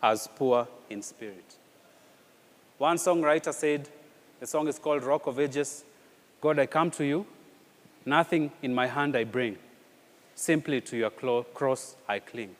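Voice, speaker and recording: A man preaching a sermon in an animated way, with rhetorical questions and repeated phrases. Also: mid-range voice, measured pace, pauses often, long reverb tail. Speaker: pastor.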